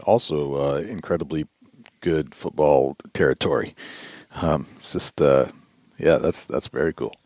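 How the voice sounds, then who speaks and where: A man's voice: measured pace, no echo. A man from New England hosting a casual interview, talking in a conversational way with stumbling restarts. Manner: conversational, stumbling restarts, lively pitch jumps. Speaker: podcast host.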